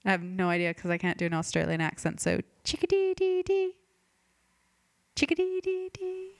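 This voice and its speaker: A woman's voice: fairly low pitch, flat delivery, fast talker, creaky, smooth, dry recording. A woman hosting a comedy podcast, rambling and forgetful, cutting herself off mid-thought. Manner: rambling, self-interrupting, forgetful. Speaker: podcast host. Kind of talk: deadpan comedic podcast monologue.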